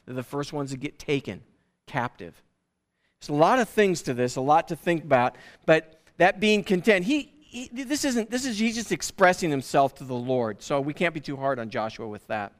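Pastor guy preaching, pretty high voice for a man, chatty and animated, keeps restarting sentences. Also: moderate pace. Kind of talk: sermon.

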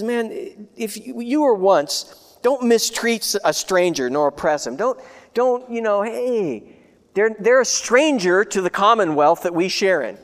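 A man preaches in a conversational, earnest way, his voice sitting a little high for a man. He repeats key phrases and drops to a hush before rising again. The sound rings with a long reverb, like a big hall. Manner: conversational, earnest, repeats himself, swings between loud and hushed. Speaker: pastor. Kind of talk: sermon.

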